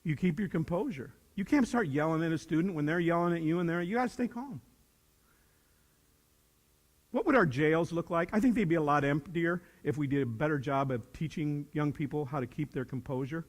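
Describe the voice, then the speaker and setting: A man in his sixties, a retired teacher, gives a folksy, plainspoken talk to high school students, swinging from loud to hushed. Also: brisk, hardly any pauses. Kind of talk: motivational speech to students. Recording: long reverb of a large hall.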